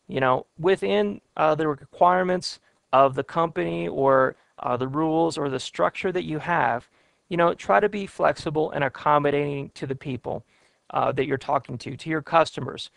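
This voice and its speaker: A man teaching workplace communication in a relaxed, conversational lecture, with plenty of fillers and advice. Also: fairly high pitch, vocal fry, smooth, dry recording. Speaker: instructor. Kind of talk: soft skills lecture.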